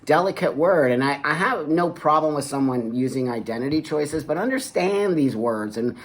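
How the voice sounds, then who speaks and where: A man's voice: fairly high pitch, lively intonation, moderate pace. A man hosting a casual interview, earnest and affirming, with short supportive interjections. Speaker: host.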